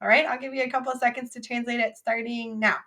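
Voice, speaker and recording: A woman teaching a recorded French vocabulary lesson, drilling phrases with clear, upbeat repeat-after-me prompts. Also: fairly high pitch, little pitch movement, fast talker, sharp tone.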